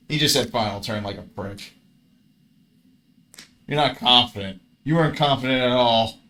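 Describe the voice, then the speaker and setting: A man's voice: medium pitch, moderate pace, pauses often, sharp tone. A man casually commentating his own card game match, grumbling and swearing at his bad luck.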